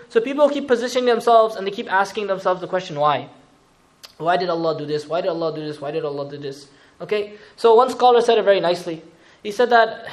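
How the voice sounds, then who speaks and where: A man gives a sermon in a high, quick voice. He moves from recited verses to loose, chatty explanation and throws in slangy asides along the way. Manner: conversational, mixes Arabic recitation with English explanation; animated, uses asides and slang. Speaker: Islamic preacher.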